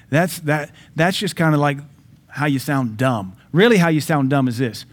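A man's voice: on the high side, lively intonation, normal speed. Emphatic male pastor preaching. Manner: emphatic preaching with sudden loud and soft swings. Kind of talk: sermon.

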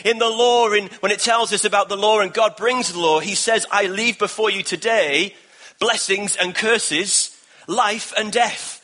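A male pastor delivering a sermon in a high, bright, ringing voice. He preaches emphatically, repeating key phrases and building to energetic bursts. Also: measured pace.

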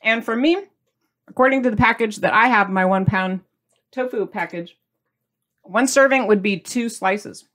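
A woman's voice: on the high side, moderate pace, pauses often, a bit bright. Bubbly middle-aged lady chatting through a cooking demo, tasting as she talks. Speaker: cooking channel host.

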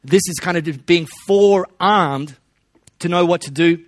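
A man preaching a sermon in a relaxed, conversational way, with joking asides to the congregation. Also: high-pitched, a little slow, dry recording, studio quality. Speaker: pastor.

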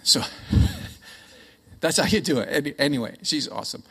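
A middle-aged Canadian man preaching a sermon in a chatty, joking, animated storytelling way. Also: fairly high pitch, moderate pace, creaky, breathy edge. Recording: echoey hall.

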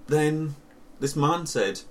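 Sunderland man telling an animated story. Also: a little high, slow, far from the mic. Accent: Northern English (Sunderland). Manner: animated storytelling, swearing, laughing. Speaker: podcast co-host. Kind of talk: casual chat.

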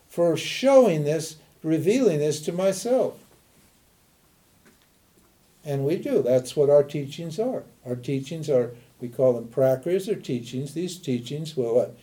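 A man's voice: fairly high pitch, animated, takes it slowly, dark tone. An older man from Montana, giving an emphatic teaching talk and answering his own rhetorical questions. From Montana, USA. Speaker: spiritual teacher.

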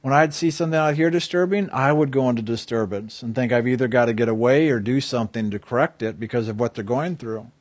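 A man's voice: medium pitch, quick pace, hardly any pauses, no echo. A man giving an earnest inspirational talk on a spiritual theme, often asking his listeners questions. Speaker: spiritual speaker.

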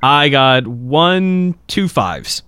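Slow tipsy man playing a tabletop game. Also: mid-range voice, big pitch swings, bright, forceful tone, clear, resonant tone, dry recording. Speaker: player. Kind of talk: casual tabletop game play.

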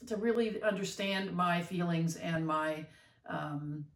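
A woman's voice: fairly low pitch, takes it slowly. A middle-aged woman co-hosting a podcast, explaining in a reflective, teacherly way with hesitant fillers. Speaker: podcast co-host. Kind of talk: casual conversation. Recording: roomy sound from a distance.

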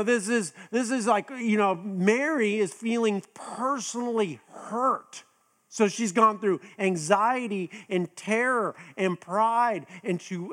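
Slow, high-voiced man preaching. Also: a bit bright. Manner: conversational, with many restarts and "you know"; acts out quoted voices with raised pitch. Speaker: pastor. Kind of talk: sermon.

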